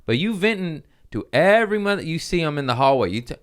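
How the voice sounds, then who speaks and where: A man's voice: a little high, very animated, fast, clear, resonant tone. Goofy laughing male podcast host. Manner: goofy, laughs a lot, street slang. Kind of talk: casual chat.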